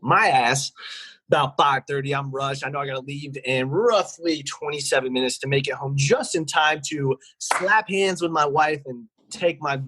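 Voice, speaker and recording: A man's voice: a little high, normal speed, breathy edge, no echo, low-quality recording. A man in his thirties co-hosting a casual podcast, telling work stories with lots of acted-out voices. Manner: animated storyteller, acts out voices of staff and callers. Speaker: podcast co-host, restaurant manager. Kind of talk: casual chat.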